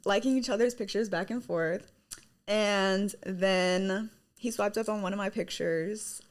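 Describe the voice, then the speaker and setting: A woman's voice: medium pitch, measured pace. A woman in her twenties, a guest on a casual podcast, talking chattily with lots of fillers and giggles. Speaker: guest, singer and model.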